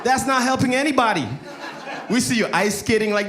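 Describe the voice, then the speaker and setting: A stand-up comic from Saint Lucia performing a set with a loose, laughing delivery and mocking voices. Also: male voice, extremely high pitch, brisk, background noise. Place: comedy stage before live audience. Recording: echoey club with loud crowd.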